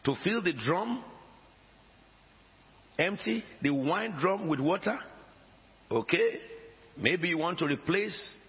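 A man's voice: high voice, expressive, slow pace, pauses often. A man preaching a sermon as pastor, emphatic, with dramatic rises and drops in his voice. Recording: dull lo-fi recording with long hall reverb.

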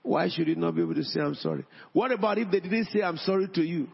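A man preaching a sermon in a church, emphatic, with his pitch rising on key points. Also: fast, creaky, slightly rough. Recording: dull sound in a long-echo hall.

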